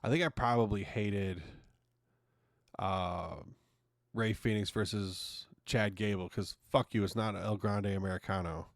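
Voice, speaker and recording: A man's voice: lowish voice, steady tone, measured pace, no room sound, studio quality. A man hosting his own podcast, ranting casually and swearing often in an exasperated way. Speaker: podcast host. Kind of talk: casual opinion monologue.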